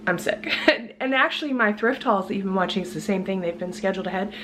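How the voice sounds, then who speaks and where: A sick woman, an adult student with a job, films a casual grocery haul vlog in her kitchen at home, her congested mid-range voice fast and a bit bright as she chats and laughs often. There's slight background noise.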